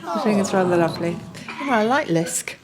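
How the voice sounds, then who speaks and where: A woman sits on a comedy panel, bantering in a quick, enthusiastic way. She is plainly amused by what she shares, and her voice has an ordinary middle pitch. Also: very animated, noisy background.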